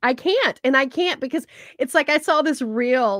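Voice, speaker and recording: Lively chatty woman podcast co-host. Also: high voice, normal speed, no echo, clean studio sound. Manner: animated, acts out quotes, laughs often. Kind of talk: casual chat.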